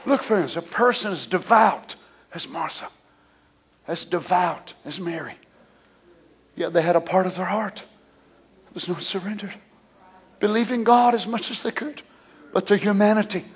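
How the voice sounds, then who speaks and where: A man preaching a sermon, swinging from shouts to whispers. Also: high-pitched, normal speed, long pauses, slightly rough, a faint crowd.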